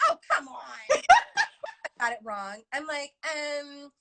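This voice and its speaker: A woman's voice: sits high, takes it slowly, very noisy. A woman, an actress guest, chatting playfully over a live video call, laughing often and slipping into quoted voices. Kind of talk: casual video chat interview. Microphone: phone or laptop on a live video call.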